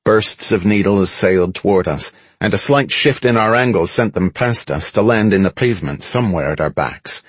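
A man narrating an action story in the first person as an audiobook, dramatic and expressive. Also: fairly low pitch, moderate pace, few pauses, husky, dry recording.

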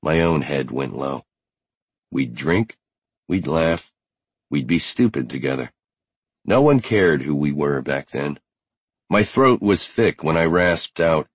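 A man reads a first-person novel in a measured, unhurried way. His voice is very deep and a little husky. It is recorded close and dry. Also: no room sound. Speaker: audiobook narrator. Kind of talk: first-person audiobook narration.

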